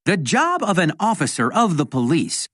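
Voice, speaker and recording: A woman's voice: fairly low pitch, wildly swooping pitch, normal speed, dry recording, studio quality. A woman reading a rhyming children's book aloud in a sing-song way, lightly voicing the characters. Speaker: storybook reader. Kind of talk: children's read-aloud narration.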